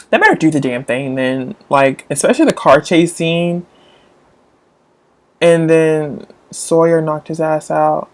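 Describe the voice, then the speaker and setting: A woman chatting casually as a book vlogger, rambling and gushing, jumping up into high excited squeals. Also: measured pace, pauses often. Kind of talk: casual live-chat book talk.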